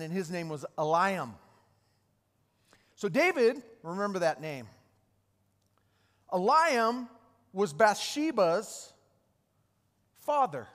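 Guy preaching, pretty high voice, lots of hall echo, restarts a lot. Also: fairly bright tone. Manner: retelling scripture with restarts and repeated words. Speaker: pastor. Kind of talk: sermon. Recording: long hall reverb.

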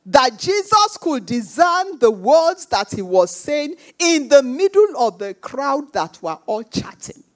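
A woman preaches with emphatic repetition of phrases and acts out the voices of people in her stories. Her high voice swings widely in pitch, and she talks slowly with few pauses.

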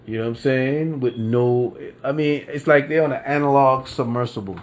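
A man hosting a casual solo podcast, ranting in disbelief, profane and rambling, with lots of repeats and fillers. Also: mid-range voice. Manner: drawn-out disbelieving emphasis. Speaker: podcast host.

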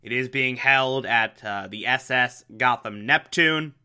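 Slow, bright-voiced man recapping with amusement. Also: medium pitch, smooth. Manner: amused, laughing often. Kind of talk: casual episode recap.

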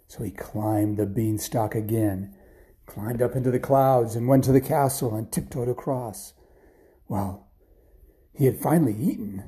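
Give me a man with a warm, dark voice telling a bedtime story, whispering at tense moments. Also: medium pitch. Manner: animated, dropping to whispers for suspense.

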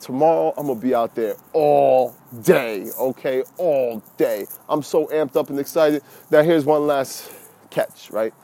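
A middle-aged man talks in a casual, lively monologue, calling his listeners "y'all" and drifting into preachy advice. His voice is mellow and warm, set at an ordinary middle pitch for a man. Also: a little slow. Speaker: fishing podcaster.

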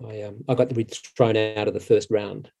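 A middle-aged man, a stage actor, telling a long anecdote in a casual, halting way with many restarts. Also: lowish voice, fairly even intonation, gravelly, warm tone. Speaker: musical theatre actor, interview guest.

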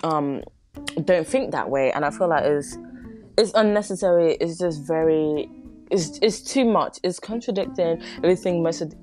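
Speaking at a normal pace in a deep voice, a young woman runs a laid-back home podcast, rambling and giggling, stumbling over words and making self-deprecating jokes. She records on a phone or device rather than a nearby microphone, and the raw, unedited audio has soft pop music faintly in the background.

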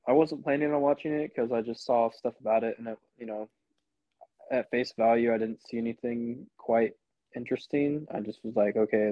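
A man's voice: mid-range voice, dry recording. Young man rambling on a dull, dry podcast mic. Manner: rambling, retells scenes with quoted voices. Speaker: podcast co-host. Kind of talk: casual chat.

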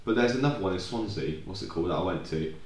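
Rambling low-voiced man. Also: animated, rapid-fire, echoey room. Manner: rambling, tangent-prone, swears freely. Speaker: podcast co-host. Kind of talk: casual chat.

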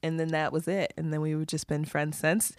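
Playful low-voiced woman podcast host. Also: flat delivery, no echo. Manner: playful, teasing, quick quips. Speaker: podcast host, sex educator. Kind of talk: casual chat.

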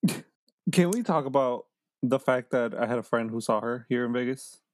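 A laid-back young man co-hosts a podcast at a middle pitch. He laughs easily and often leaves sentences unfinished. The recording is dry and close. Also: moderate pace, no echo. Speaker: podcast co-host. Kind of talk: casual chat.

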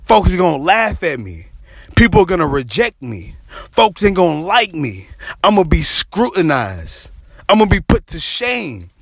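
A man preaching with fervent, repetitive intensity, his voice sitting a little high for a man. He stretches phrases and lets some lines rise into a half-sung cry. The sound is close and dry, with no room around it. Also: very animated, gravelly, fairly bright tone, slightly rough, dry recording. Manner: impassioned, repetitive, dramatic pauses, half-sung cries. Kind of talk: sermon.

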